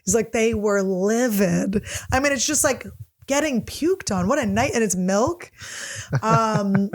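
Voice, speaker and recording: A woman in her thirties hosting a podcast, telling a comic story in a loose, rambling, profane way with lots of fillers. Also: mid-range voice. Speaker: podcast host. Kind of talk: casual comedic storytelling.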